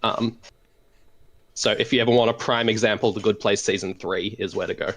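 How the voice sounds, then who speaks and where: An Australian man on a voice call, calmly explaining a card game in a measured way, with frequent "um" pauses. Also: on the low side, vocal fry. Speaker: guest deck expert. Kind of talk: casual explanatory chat over voice call.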